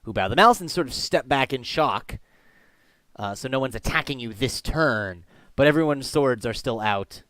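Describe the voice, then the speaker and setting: A man's voice: mid-range voice, animated, moderate pace, bright, forceful tone, dry recording. Man narrating a tabletop game, dry. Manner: descriptive narration with frequent ums and uhs. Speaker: game master.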